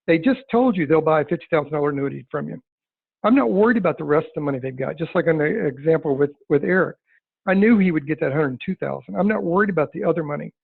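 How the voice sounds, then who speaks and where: Gravelly man teaching over a phone line. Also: a little high. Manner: folksy, emphatic, acts out client dialogue. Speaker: sales trainer. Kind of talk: webinar training talk. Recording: dry tinny phone-like line.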